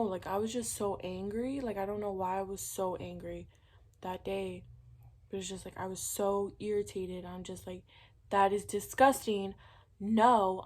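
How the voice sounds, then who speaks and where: A woman's voice: mid-range voice, dark tone. A young woman casually telling a personal story, chatty and candid, filling her talk with "like" and acting out what people said. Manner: candid, chatty, many "like"s, acts out quoted dialogue. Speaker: vlogger.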